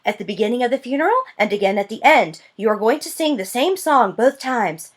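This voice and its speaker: A prim, businesslike church woman gives instructions in a crisp, measured way, as a woman narrator plays her. Her voice is lively in pitch. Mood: instructive.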